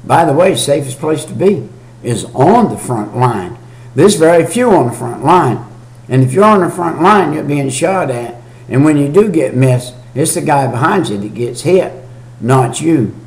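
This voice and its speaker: A man delivering a folksy, repetitive home-video sermon, reading scripture slowly and then explaining it in plain talk. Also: a little high, a little mellow. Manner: folksy, repetitive preaching with slow read-aloud scripture. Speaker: preacher. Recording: echoey room.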